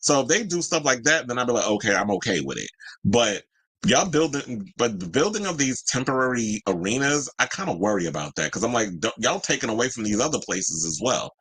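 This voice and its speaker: A man in his forties hosting a casual pop-culture chat, sassy and animated, swinging his pitch up into exclaimed asides. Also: a little fast, breathy edge, no echo. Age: 40s. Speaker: podcast host.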